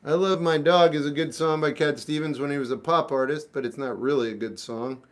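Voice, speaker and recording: A man in his fifties reading live chat questions aloud and answering them with blunt, deadpan one-word replies. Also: fairly high pitch, a little fast. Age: 50s. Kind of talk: casual live-stream chat.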